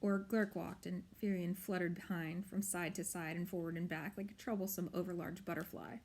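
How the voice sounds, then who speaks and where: A woman narrating an audiobook in a measured, expressive storytelling way. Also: fairly low pitch, slight background noise. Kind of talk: audiobook reading.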